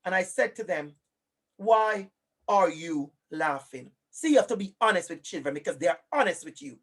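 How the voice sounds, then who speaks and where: Animated Jamaican man, high voice. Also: quick pace, breathy edge. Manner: animated and emphatic, talks straight to a colleague by name. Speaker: lecturer. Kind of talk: live online lecture.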